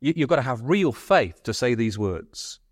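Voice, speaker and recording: A man's voice: medium pitch, very animated, moderate pace, dry recording, clean studio sound. A man preaching a sermon at a Bible school, earnestly pressing his listeners with repeated questions and stumbling over his words when stirred.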